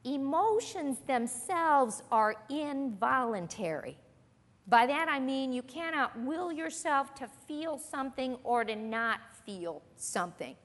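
A woman's voice: high-pitched, a bit bright. Earnest woman teaching a Bible lesson. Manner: earnest, conversational, with rhetorical questions. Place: church meeting room with an audience. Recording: long reverb of a hall.

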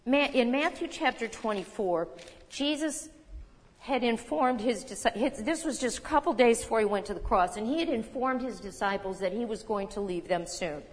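Older lady preaching, chatty and lively, higher voice, big reverby hall. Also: moderate pace. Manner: conversational, animated, quotes scripture with emphasis. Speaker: Bible teacher. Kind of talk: sermon.

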